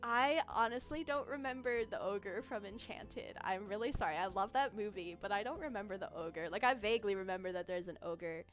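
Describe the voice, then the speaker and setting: A woman's voice: medium pitch, brisk, hardly any pauses. A woman streaming as a vtuber, chatting casually, giggling often and losing her train of thought as she reacts to chat. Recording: faint background music.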